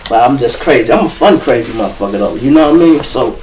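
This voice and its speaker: Animated Chicago man telling stories. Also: mid-range voice, quick pace, slight background noise. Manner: profane, animated, talks straight to the audience. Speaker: show host. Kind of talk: casual storytelling monologue.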